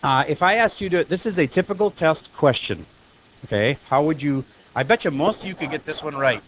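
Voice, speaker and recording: A man teaching a high school math class, lecturing in a chatty way and firing quick questions at his students. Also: animated, rough recording.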